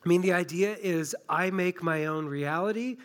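A pastor preaching a sermon in a conversational, emphatic way, walking through a scripture passage with a story and a local example. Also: male voice, high voice, normal speed, clear, resonant tone. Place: church in a small town.

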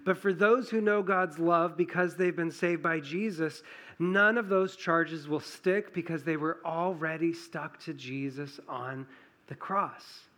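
A male pastor preaching an earnest sermon in a church, rising for emphasis and dropping low and soft. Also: measured pace.

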